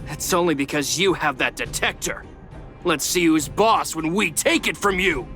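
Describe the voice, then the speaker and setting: An actor voicing a taunting young miner who leads a gang of bullies in a game. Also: male voice, a little high, unhurried, pushed and bright, soft background music. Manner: taunting, sneering. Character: mocking young male miner, a bullying ringleader. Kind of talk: game voice acting.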